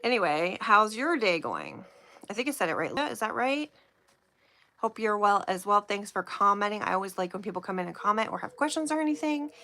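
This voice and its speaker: A woman hosting a casual live stream, chatting and giggling with viewers while slowly reading out oracle card phrases. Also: medium pitch, big pitch swings, sharp tone.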